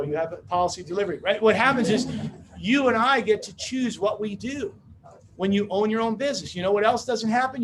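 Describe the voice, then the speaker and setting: A man giving a motivational business seminar talk, brash and joking, telling rapid-fire stories to a room. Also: high voice, a little hiss or hum. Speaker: business opportunity speaker.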